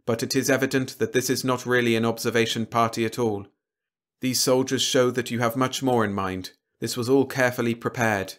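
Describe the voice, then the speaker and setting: A man voicing a calm, formal robot leader who speaks in a flat, measured, polite way, a little higher than his own voice. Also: natural voice. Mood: cold, formal.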